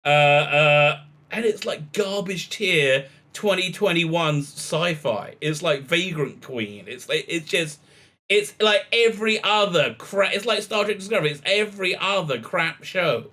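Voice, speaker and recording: A man's voice: on the high side, animated, measured pace, bright, forceful tone. A man delivering a sarcastic, mocking video commentary rant, laughing often and stumbling over fillers. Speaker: YouTube commentator.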